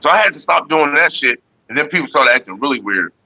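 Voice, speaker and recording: A man on a casual stream, telling crude, profane stories in a loud, rowdy way. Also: on the high side, animated, quick pace, creaky, big-room sound, lo-fi sound. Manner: loud, profane, jumps into mocking voices and sings snatches. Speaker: livestream host.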